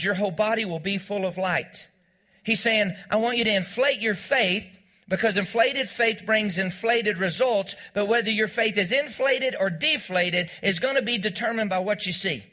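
A man's voice: high-pitched, bright, forceful tone. A male pastor preaching a sermon, repeating key lines and calling on the congregation to say them back. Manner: call-and-response preaching, repeats lines, has congregation echo. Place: church.

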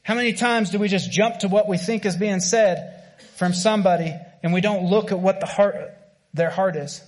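American man, slightly high voice, chatty sermon delivery with lots of restarts. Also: moderate pace. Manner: casual, conversational preaching with frequent fillers and restarts. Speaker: preacher.

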